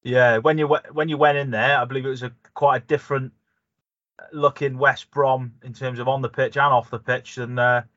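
A man's voice: mid-range voice, little pitch movement, normal speed, sharp tone, dry recording. A man interviewing a guest, asking long rambling questions with restarts. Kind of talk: casual interview. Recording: dry dull lo-fi sound.

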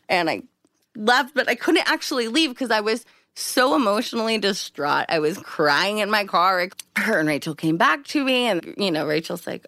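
Animated woman telling a story. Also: moderate pace, dry recording, studio quality. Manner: animated, acts out quotes with big pitch jumps. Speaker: interview guest. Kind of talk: casual storytelling.

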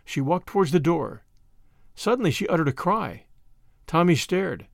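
A man narrating a mystery novel as an audiobook, with expressive storytelling. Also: on the high side, fairly quick, vocal fry, dry recording, clean studio sound.

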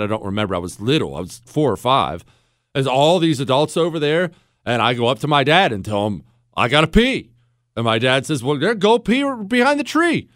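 A man in his forties hosting a call-in radio talk show, emphatic and animated, dropping from loud to low. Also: no room sound, clean studio sound.

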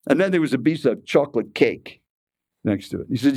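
Male speaker, 80s: lively storyteller, talks straight to the listener, dry close sound. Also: medium pitch, brisk, no echo. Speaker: keynote speaker and speech coach. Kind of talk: storytelling keynote talk.

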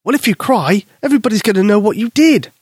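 A man's voice: high-pitched, animated, fast, husky, no room sound, studio quality, pitched above the performer's own voice. A man voicing a little girl's invisible childlike friend, who nags and scolds her. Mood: reproachful.

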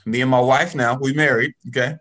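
Lively storytelling man. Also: mid-range voice, a little fast. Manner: animated, checks in with "okay?" and "right?". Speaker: guest, real estate investor. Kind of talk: casual storytelling.

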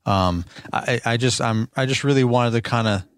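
A man's voice: medium pitch, moderate pace, clear, resonant tone, no room sound, studio quality. A man hosting a podcast, easygoing and agreeable, laughing often and restarting his sentences. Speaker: podcast host. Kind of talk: casual podcast conversation.

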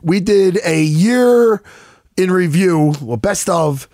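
A man's voice: high-pitched, expressive, slow pace, darkish tone, no echo, clean studio sound. A man, a professional fighter, chatting as a guest, swearing freely, laughing often and rambling. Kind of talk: casual profane chat.

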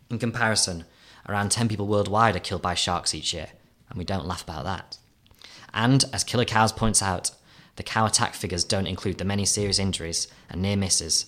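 A man reading his own opinion column aloud in a dry, measured storytelling manner. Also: low voice, a bit bright.

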